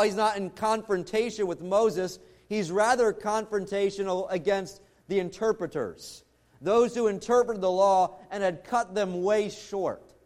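A pastor preaching a sermon in an earnest way, slowing down and dropping low to stress his points. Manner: earnest preaching, slows and drops low for emphasis.

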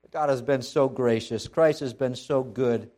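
A man voicing the apostle Peter as a humbled, remorseful grown man, speaking softly and in a subdued way. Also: mid-range voice, normal speed, faint music behind, voice pushed down, lightly acted. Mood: grateful. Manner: soft, hushed and subdued.

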